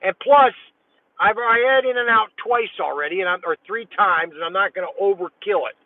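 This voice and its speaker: A man's voice: high-pitched, fairly quick, recorded from a distance. A man vlogging while driving, chatting casually and rambling in a folksy way from inside his car. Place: inside a car at a drive-thru. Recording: tinny, phone-like sound.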